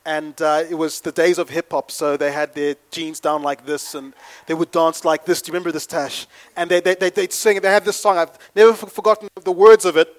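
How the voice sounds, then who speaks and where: A man preaching to his congregation, playful and chatty, then building to fervent shouting. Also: a little high, little pitch movement, a little fast. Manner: playful, leads the congregation in call-and-response. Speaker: pastor. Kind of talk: sermon.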